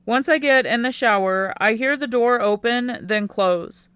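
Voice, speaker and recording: A woman narrating a first-person teen romance audiobook in a quiet, unhurried way. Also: a little high, clean tone, no echo.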